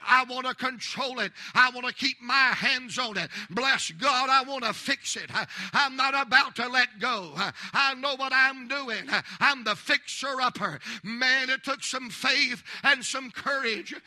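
A man preaching a sermon in a church, with impassioned climbs into shouts and folksy, humorous asides. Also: very high voice, measured pace, hardly any pauses.

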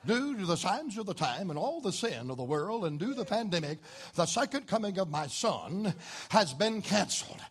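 A man imitating the Lord making a stiff formal announcement, in a much lower, quieter voice. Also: big pitch swings, normal speed. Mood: mock-solemn. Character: the Lord as a solemn official announcer.

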